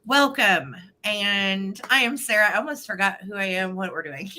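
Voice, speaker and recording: A woman's voice: mid-range voice, normal speed, sharp tone. A woman hosting a live vintage sale stream from home, chatting casually in a bubbly, giggly way.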